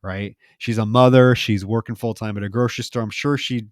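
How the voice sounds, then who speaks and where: A man co-hosting a podcast, recapping a film plot in a casual, animated way. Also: lowish voice, a little fast, no room sound, studio quality. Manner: animated retelling with lively emphasis. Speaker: podcast co-host.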